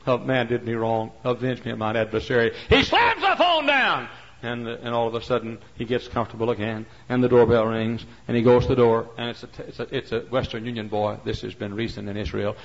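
A man preaching a sermon, telling stories and acting out their characters, his voice rising to shouts. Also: medium pitch, flat delivery, fast, creaky, hardly any pauses. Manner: acts out characters, climbs to shouts. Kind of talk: animated sermon storytelling. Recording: dull lo-fi sermon recording.

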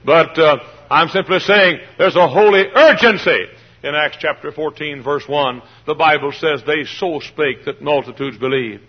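A man's voice: fairly high pitch, normal speed, slightly rough, muffled recording. A man preaching a sermon with passion, hollering, pounding the pulpit and mimicking voices.

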